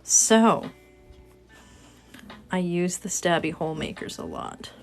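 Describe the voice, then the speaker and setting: A woman's voice: on the low side, wildly swooping pitch, takes it slowly, vocal fry, soft background music. A woman chatting casually with her livestream viewers while she works on a craft project, joking at her own expense. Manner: chatty, self-mocking, talks to chat viewers. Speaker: livestream host.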